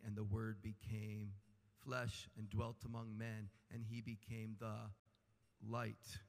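A man preaching a sermon with animated delivery and humorous asides. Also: on the low side, gravelly. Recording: long hall reverb.

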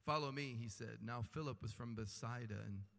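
A man preaching a sermon with animated delivery and humorous asides. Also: mid-range voice, brisk, vocal fry. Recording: long hall reverb.

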